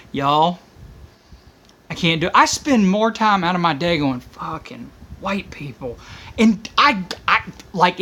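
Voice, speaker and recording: A woman rants to camera in a casual, profanity-laced monologue. She keeps restarting her sentences and her voice leaps suddenly higher when she gets worked up. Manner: profane, exasperated, animated with sudden pitch jumps; self-interrupting, restarts often. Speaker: teacher and vlogger.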